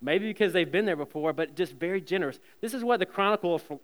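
A man in his thirties preaches a sermon, earnest and stumbling over repeated words. His voice is smooth, resonant and a little high. It rings with the long reverb of a church sanctuary. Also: expressive, quick pace, hardly any pauses, fairly bright tone. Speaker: pastor.

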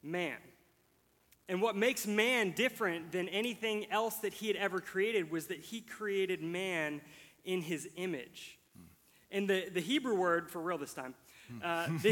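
A man co-hosting a podcast, explaining scripture in a relaxed way, laughing easily. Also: sits high, measured pace, long reverb tail. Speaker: podcast co-host teaching scripture. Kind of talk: casual podcast Bible teaching.

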